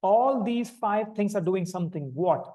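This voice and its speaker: A man with an Indian English accent giving calm, step-by-step meditation instructions to a group over a video call. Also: sits high, unhurried. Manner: calm, step-by-step instructing, demonstrating vocal sounds. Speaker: meditation teacher. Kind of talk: live online meditation instruction.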